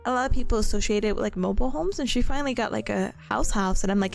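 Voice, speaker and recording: Young woman, streamer, casual chat, high voice, very lively pitch, giggly, playful. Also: a little fast, gravelly, soft background music.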